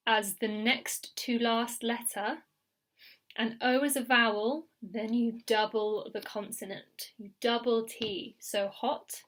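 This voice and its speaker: A woman teaching an English grammar lesson, patient and clear, repeating key words and checking in with the learner. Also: a little high. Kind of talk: slow recorded grammar lesson.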